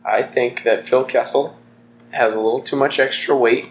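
A young man with a mid-range voice co-hosts a relaxed podcast, teasing his partner, laughing often, and reasoning through his views. His voice sounds roomy and echoey, with faint background hiss. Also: medium pitch, moderate pace. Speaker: podcast co-host. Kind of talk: casual chat. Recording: echoey room with faint noise.

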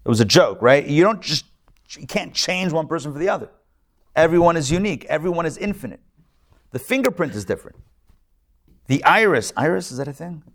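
A man's voice: fairly high pitch, expressive, a little fast, long pauses, fairly bright tone. A man, a rabbi, giving a live class lecture to an in-person and online group in a conversational way, with jokes and asides to his listeners. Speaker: rabbi teaching a weekly class.

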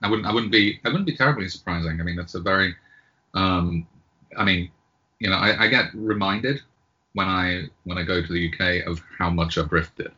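British guy w a bit of american accent, husky, lots of ums, kinda muffled recording. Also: low voice, moderate pace, bright, forceful tone. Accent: British with some American. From Britain. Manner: hesitant, many ums and restarts. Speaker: guest epidemiologist. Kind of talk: casual interview talk.

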